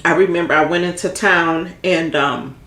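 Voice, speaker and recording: A woman's voice: fairly low pitch, moderate pace, a bit bright. A woman vlogger giving casual, heartfelt planning advice, rambling and repeating herself as she talks. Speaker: vlogger giving end-of-life planning tips. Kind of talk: casual advice talk to camera. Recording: echoey room.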